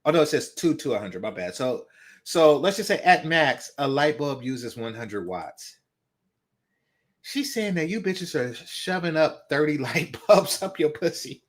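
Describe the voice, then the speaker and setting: A man's voice: fairly high pitch, animated, moderate pace. A man from the San Francisco Bay Area hosting a reaction video, mocking and laughing at a clip and swearing often. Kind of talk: profane reaction commentary.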